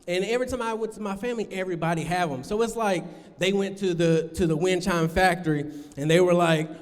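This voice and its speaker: A man performing a stand-up comedy set on stage, telling loose stories and putting on squeaky high voices for other people. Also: a little fast, in a large hall. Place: comedy venue stage with live audience.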